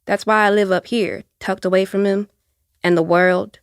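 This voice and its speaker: A woman's voice: medium pitch, fairly even intonation, clear, resonant tone, dry recording, clean studio sound, lightly acted. Woman playing an old Appalachian seer aunt. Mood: wistful. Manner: slow folksy drawl, soft and tender. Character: elderly Appalachian aunt, seer, gentle and weary. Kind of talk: audio drama acting.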